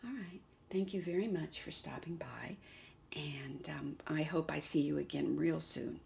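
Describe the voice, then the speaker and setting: A woman hosting a doll vlog in casual chat, cooing softly to a doll and often dropping to a half-whisper. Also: sits low, measured pace, gravelly, slight background noise. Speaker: doll collector and channel host.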